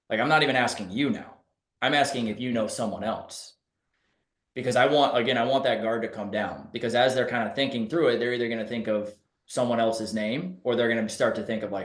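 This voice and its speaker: A man's voice: mid-range voice, fairly quick, fairly bright tone. Laid-back man in an echoey room. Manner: laid-back, explains with acted-out examples. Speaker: real estate agent. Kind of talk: podcast conversation.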